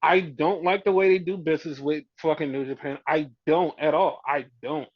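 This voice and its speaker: A man's voice: a little high, steady tone, normal speed, dry recording, dull audio. A man co-hosting a podcast, ranting heatedly and profanely, often mimicking fans. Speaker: podcast co-host. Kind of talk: casual opinion rant.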